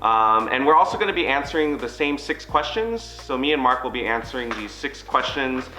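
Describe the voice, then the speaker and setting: A man's voice: medium pitch, sing-song, fairly quick, bright, forceful tone, reverberant, a little hiss or hum, low-quality recording. A man co-hosting a mukbang, chatting casually and walking viewers through the food. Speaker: mukbang co-host. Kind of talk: casual chat.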